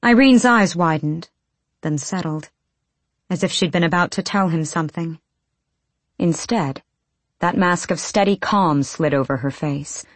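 A woman narrating a fantasy audiobook in a measured, low-key storytelling manner. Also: dry recording.

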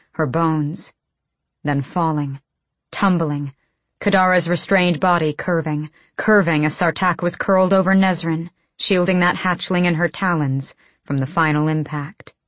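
An audiobook narrator with a lowish female voice reads a scripted passage in tense, clipped bursts. The recording is dry, without any echo.

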